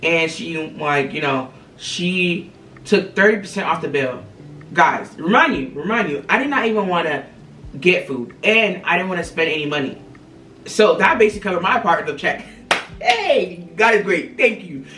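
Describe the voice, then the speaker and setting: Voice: medium pitch, expressive, moderate pace, pushed and bright. Chatty creator telling a story, roomy sound. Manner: chatty, filler-heavy, addresses viewers as guys and y'all. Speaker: content creator. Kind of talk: casual motivational storytelling to viewers. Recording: roomy, slightly distant, faint ambient noise.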